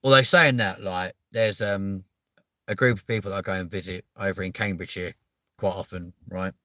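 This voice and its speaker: A young Englishman hosting a live stream, telling rambling stories full of swearing. His voice sits a bit low but has a bright, forceful edge. The sound is dry and close, with almost no room around it. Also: steady tone, moderate pace, dry recording. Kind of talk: casual live stream chat.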